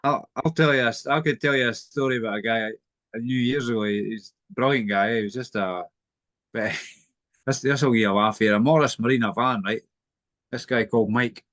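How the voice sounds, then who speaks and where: A man's voice: mid-range voice, brisk, a bit bright, no room sound. Man, co-host, easygoing storyteller with chuckles, dry close sound. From Scotland. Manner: chuckling storyteller, tags lines with "eh?". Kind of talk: casual chat.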